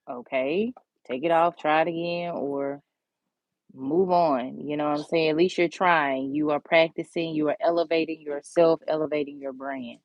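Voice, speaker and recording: A woman hosting a nail art tutorial, chatting casually and encouraging viewers, sometimes dropping to a soft whisper while she works. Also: deep voice, no room sound, lo-fi sound. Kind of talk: casual step-by-step tutorial chat.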